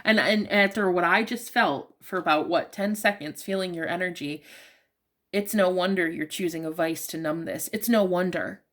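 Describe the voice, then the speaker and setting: A woman's voice: fairly low pitch, normal speed, fairly bright tone. Chatty woman giving a heartfelt tarot reading. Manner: chatty, emotionally open, talks straight to the listener with many fillers. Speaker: tarot reader. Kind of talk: casual tarot reading addressed to viewers.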